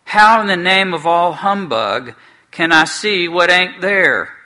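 A gruff, stubborn dwarf from a storybook, raised in pitch and pushing loud, scornful and quick to shout, as a man reads him aloud. The tone is bright and sharp-edged. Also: animated, exaggerated voice. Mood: surly scorn. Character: surly gruff male dwarf, blind, stubborn.

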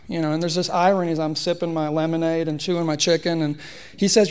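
Man preaching with a gravelly voice. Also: on the high side, fast. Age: 30s. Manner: conversational, humorous storytelling. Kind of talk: sermon. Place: church.

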